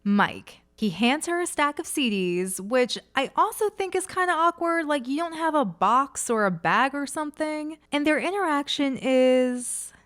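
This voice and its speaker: A woman's voice: high-pitched, animated, measured pace, hardly any pauses, fairly bright tone. Dry, sardonic young woman recapping TV. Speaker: reality TV recap host. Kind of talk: scripted commentary recap.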